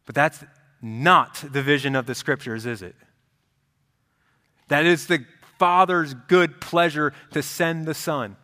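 Pastor guy preaching, chatty and lively, voice a bit high, big echoey hall. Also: slow pace. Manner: conversational, animated preaching. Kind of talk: sermon. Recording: reverberant hall.

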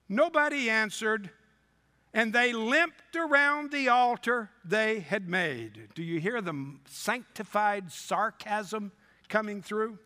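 A man's voice: high-pitched, pushed and bright. A male preacher reading scripture in a sermon and breaking in with sarcastic asides. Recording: long hall reverb.

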